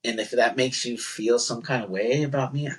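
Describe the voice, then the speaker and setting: A man hosting a casual podcast interview, reflective and relaxed, with many "um" and "uh" fillers. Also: mid-range voice, fairly quick, breathy edge, low-quality recording. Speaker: podcast host.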